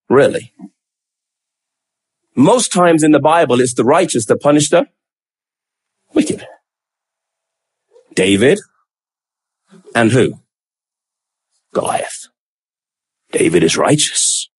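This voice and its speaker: High-voiced guy preaching, acts out the prophet's pleas, goes low and slow on key words. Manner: dramatic, acts out the prophet's pleading questions. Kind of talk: sermon.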